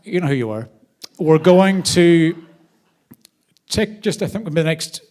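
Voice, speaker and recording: A man hosting a charity event, speaking to a live audience from a theater stage in a lively, storytelling way. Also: fairly high pitch, slow. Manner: animated storyteller, varied loudness. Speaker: charity host.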